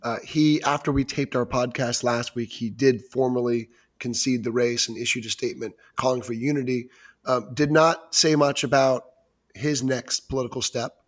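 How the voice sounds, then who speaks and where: A man of ordinary pitch hosting a political news podcast. He talks in a loose, conversational way and often restarts his sentences. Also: steady tone, moderate pace. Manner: conversational, many fillers and restarts. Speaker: podcast host. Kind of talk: casual news podcast discussion.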